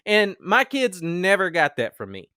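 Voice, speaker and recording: A man's voice: high voice, huge pitch swings, unhurried, sharp tone, smooth, no room sound, clean studio sound. A man in his thirties co-hosting a podcast, giving blunt opinions in a joking way and mocking how other people talk. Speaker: podcast co-host. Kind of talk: casual chat.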